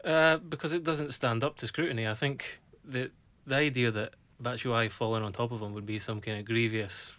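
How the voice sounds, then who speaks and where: A former footballer giving his views in a casual podcast chat, measured and reflective. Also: mid-range voice, steady tone, fairly bright tone, no room sound.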